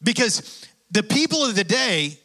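A man's voice: sits high, very animated, measured pace, pushed and bright. A man preaching a sermon, reading scripture and urging listeners on with emphatic bursts. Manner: preaching with rising emphatic bursts, calls of "come on". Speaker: pastor.

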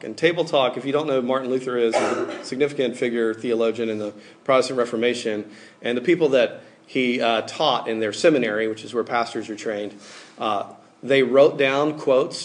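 A man's voice: mid-range voice, slight background noise. Man preaching casually to students. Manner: casual, conversational preaching with many fillers. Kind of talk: sermon to students.

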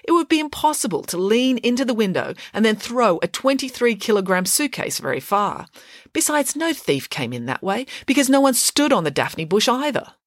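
A woman's voice: on the high side, big pitch swings, normal speed, no echo, studio quality, pitched above the performer's own voice. A woman voicing a clever, precise schoolgirl detective who reasons step by step. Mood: deductive. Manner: crisp, logical, deducing step by step.

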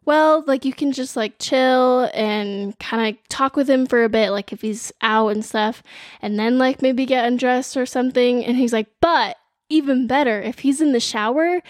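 High-voiced young woman telling a story. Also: normal speed, no room sound, clean studio sound. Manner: lively storytelling, full of "like". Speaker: podcast co-host. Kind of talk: casual chat.

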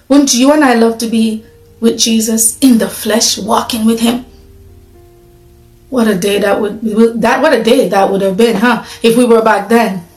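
A woman's voice: a little high, reverberant, low-quality recording. A woman preaching a sermon in an earnest, conversational way, asking her listeners questions.

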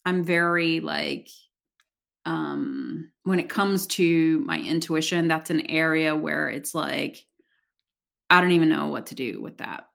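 A woman's voice: low-pitched, takes it slowly, creaky, fairly bright tone. A woman guest on a podcast, talking casually and hesitantly, with many fillers.

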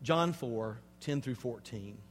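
A male pastor delivering a sermon, swinging between hushed, slow passages and loud, emphatic preaching, and speaking straight to the congregation with rhetorical questions. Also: mid-range voice, animated. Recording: long hall reverb.

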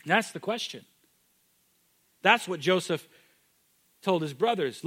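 A man preaching a sermon, moving from loud, emphatic declarations to hushed, intimate moments. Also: sits high, animated, slow, slightly rough. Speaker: pastor.

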